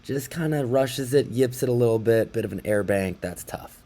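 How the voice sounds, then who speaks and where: A young man casually recapping basketball highlights like an excited fan commentator. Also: normal speed.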